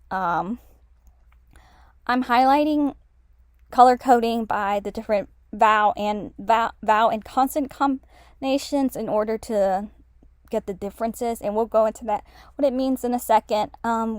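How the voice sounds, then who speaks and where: A woman's voice: a little high, a little mellow, no room sound, studio quality. A woman casually walking through her language-study spreadsheet, rambling with many fillers and self-corrections. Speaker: language learner explaining her notes. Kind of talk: casual screen-share lesson.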